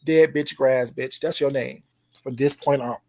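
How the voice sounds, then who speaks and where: A YouTuber ranting in a call-out vlog, loud and profane, taunting, repeating a name mockingly and swinging between shouts and low mutters. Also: fairly even intonation, a little slow.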